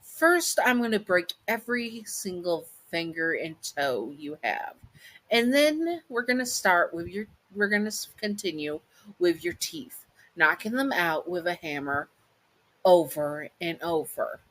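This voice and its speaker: A woman's voice: on the low side, expressive, unhurried, a bit bright. A woman voicing a cruel, possessive young woman who taunts her victim with menace in a storytelling video. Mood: gleeful menace.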